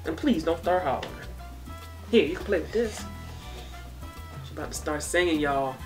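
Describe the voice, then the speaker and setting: Animated woman vlogger, chatty Q&A. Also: sits low, moderate pace, far from the mic, faint music behind. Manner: chatty, laid-back, talks to her baby between answers. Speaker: beauty and hair vlogger. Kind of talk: casual Q&A vlog.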